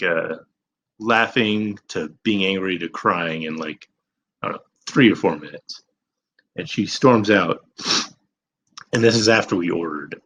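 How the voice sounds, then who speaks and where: A young man with a fairly low voice tells a story casually, rambling and poking fun at himself. He swears freely and drifts through asides. Faint noise hums behind him. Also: bright, forceful tone, low-quality recording. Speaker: vlogger.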